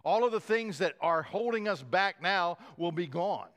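Animated male pastor preaching a sermon. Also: high voice, normal speed. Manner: animated storyteller, acts out quoted lines, chuckles often.

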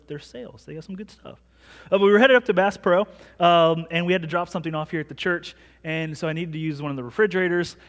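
Man preaching in a reverberant church. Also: a little high. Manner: conversational storytelling preacher, self-mocking humor. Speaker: pastor. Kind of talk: sermon. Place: large church sanctuary. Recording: long hall reverb.

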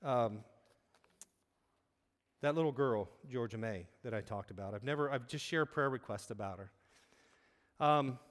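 A man's voice: mid-range voice, measured pace, pauses often. A man giving a sermon in an earnest, conversational way, telling a personal story with frequent restarts. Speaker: preacher. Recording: long reverb of a large hall.

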